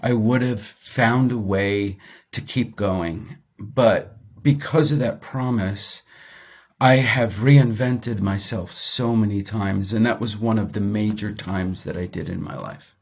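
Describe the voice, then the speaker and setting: A middle-aged man, a guest on an interview show, telling a personal story in an animated way. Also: on the low side, takes it slowly, breathy edge. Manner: animated storyteller, acts out quoted voices.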